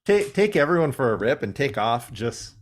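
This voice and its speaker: A Canadian man co-hosts a podcast in a loose, joking chat, laughing often. His voice swings up and down in pitch. He talks over a video call. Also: very animated, normal speed. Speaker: podcast co-host. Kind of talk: casual chat.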